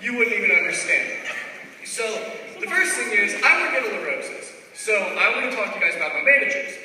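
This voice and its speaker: Loud, bright-voiced young stand-up comedian. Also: male voice, sits high, fairly quick. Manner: loud, energetic, playful storytelling. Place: large echoey hall. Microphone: far room mic. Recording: echoey hall from far off, faint noise.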